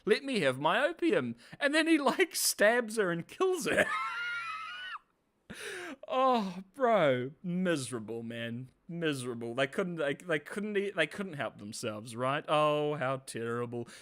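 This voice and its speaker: A man's voice: fairly high pitch, sing-song, unhurried, hardly any pauses, fairly bright tone. A man giving a casual, sarcastic video review, often laughing, swearing and calling people bro. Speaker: show reviewer.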